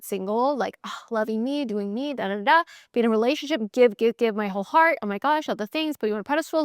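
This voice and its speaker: A woman's voice: mid-range voice, darkish tone, smooth, dry recording, studio quality. A woman host giving a candid, motivational solo talk, emphatic and repeating phrases in bursts. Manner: candid, swears casually. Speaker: sales coach podcast host.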